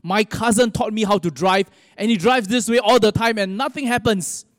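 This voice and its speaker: Cocky shouting cabbie, pitched up high, as a preacher puts him on, long reverb. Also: male voice, moderate pace, studio quality, lightly acted. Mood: defiant. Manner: shouting, excitable. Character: brash cocky male taxi driver.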